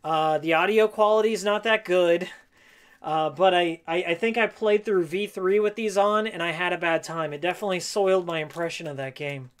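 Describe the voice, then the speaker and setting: A man live-streaming casually while he cleans his game room, hoarse and losing his voice, jokey and rambling, repeating his own lines. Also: high voice, brisk. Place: game room at home, indoors.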